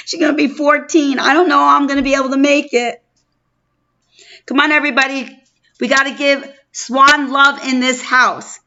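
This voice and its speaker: A livestream host, middle-aged and New York-accented, chats casually and effusively with her viewers, naming them as she goes. Her high voice is steady, pushed and bright at normal speed. The audio comes through dull and lo-fi.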